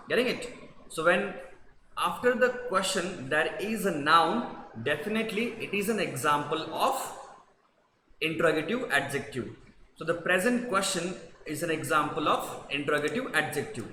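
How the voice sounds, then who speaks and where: A man's voice: on the high side, sharp tone. A man teaching a grammar revision lesson, explaining patiently and repetitively and checking in with the class. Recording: echoey room with long reverb and faint noise.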